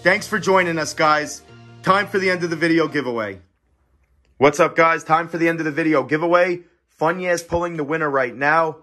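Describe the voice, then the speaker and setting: A man's voice: fairly high pitch, normal speed, pushed and bright, soft background music. A man hosting a casual card-unboxing vlog, talking eagerly and chatting straight to his viewers. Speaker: card-opening channel host.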